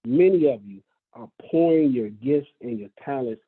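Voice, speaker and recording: A man's voice: mid-range voice, expressive, moderate pace, husky. Folksy, upbeat man on a tinny line. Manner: folksy, enthusiastic, repeats himself. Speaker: brokerage leader addressing agents. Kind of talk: motivational speech to staff. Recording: tinny phone-like sound.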